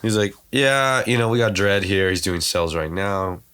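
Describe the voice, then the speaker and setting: Man, very low voice, podcast guest, slangy casual storytelling, acts out quoted dialogue. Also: a bit bright, clear, resonant tone. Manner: slangy, quotes others' words in quick reenactments; loose, full of filler "like" and "you know".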